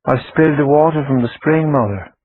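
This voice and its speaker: A man's voice: on the low side, animated, normal speed, gravelly, slight background noise. A man reading the part of a tender, teasing dying wife, tearful at times. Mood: delirious. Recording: tinny phone-like audio, faint music.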